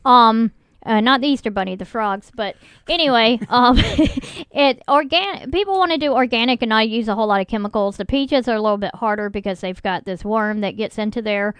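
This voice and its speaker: A woman hosts a garden call-in show in a studio. Her voice sits a bit high and comes across smooth and clean. The close mic sounds dry, and she rambles easily with lots of ums. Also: fairly quick, fairly bright tone, no room sound. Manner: chatty, many ums and uhs. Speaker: radio garden show host and nursery owner. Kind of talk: casual call-in radio chat. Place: radio studio.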